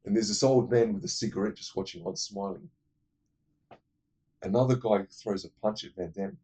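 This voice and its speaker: A man's voice: lowish voice, moderate pace, warm tone, a little hiss or hum. A man casually retelling a movie plot for his film-ranking vlog, digressive, blunt and profane. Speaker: movie list vlogger.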